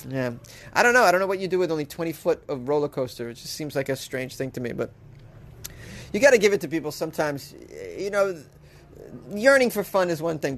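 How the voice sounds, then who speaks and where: A man hosting comedic news commentary, sarcastic and riffing, often laughing at his own jokes. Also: fairly high pitch. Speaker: host.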